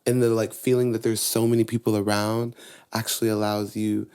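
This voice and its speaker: A young man on a podcast as a guest, chatting casually and telling lively personal stories. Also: brisk, clear, resonant tone. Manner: animated storyteller, voices his younger self and mom in higher tones. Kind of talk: casual chat, storytelling.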